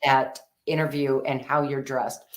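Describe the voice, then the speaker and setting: A woman's voice: rumbling low, little pitch movement, a little slow, slight background noise. A woman co-hosting a casual advice talk show, chatty and encouraging. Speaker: co-host.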